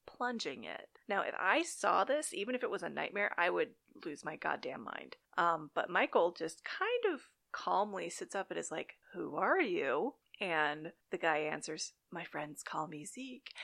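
A woman's voice: lowish voice, sing-song, moderate pace, creaky, hardly any pauses, a bit bright. A woman chatting casually and dramatically as she recaps a TV episode, with wry asides.

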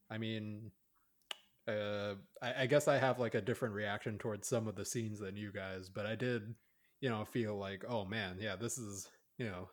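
A man co-hosting a casual podcast, rambling through a film review with many fillers and restarts. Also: fairly low pitch. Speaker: podcast co-host.

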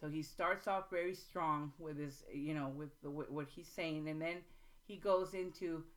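A woman hosting a writing workshop, explaining in an informal, halting way with frequent pauses and restarts, and reading passages aloud slowly. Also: deep voice, fairly even intonation. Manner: reads excerpts aloud slowly. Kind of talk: informal teaching talk.

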